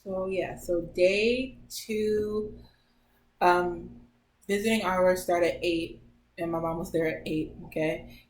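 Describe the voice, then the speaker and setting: Lowish voice, young woman in her 20s, chatty storytelling vlog, echoey room. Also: slow. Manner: chatty, animated retelling that acts out others' lines. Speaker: vlogger. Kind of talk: casual personal storytelling. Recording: roomy echo, faint background noise.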